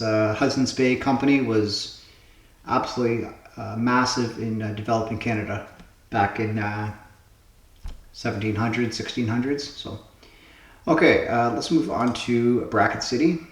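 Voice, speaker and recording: A man's voice: mid-range voice, steady tone, normal speed. Man thinking aloud in an echoey room. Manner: musing, trial-and-error guessing of answers aloud. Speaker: host playing word puzzles. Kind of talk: casual thinking aloud while solving puzzles. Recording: roomy echo.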